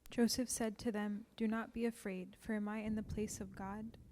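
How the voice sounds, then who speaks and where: A woman reading scripture aloud at a steady, even pace. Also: medium pitch, moderate pace, slight background noise, poor audio. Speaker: scripture reader.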